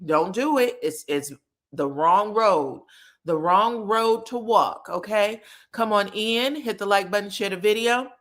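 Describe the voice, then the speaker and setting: A woman's voice: medium pitch, a little slow, fairly bright tone. Sassy woman dishing reality gossip. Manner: sassy, chatty, calls viewers "child" and "girl". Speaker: pop culture commentator. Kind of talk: casual reality TV gossip commentary.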